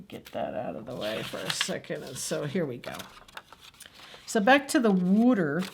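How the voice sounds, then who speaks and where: Slow, chatty woman leading a kids' craft. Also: on the low side, darkish tone, a little hiss or hum. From New Jersey. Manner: chatty, asks children questions. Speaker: children's story time host. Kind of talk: craft demonstration for children.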